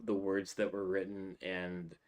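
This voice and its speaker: A man hosting a comedy show, reading audience jokes aloud with dry, deadpan asides. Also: sits low, unhurried. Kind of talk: casual chat.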